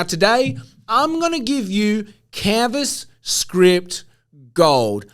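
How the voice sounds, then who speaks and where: Blunt, lively man. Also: a little high. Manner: blunt, animated, swears casually. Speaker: podcast host. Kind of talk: casual solo podcast monologue.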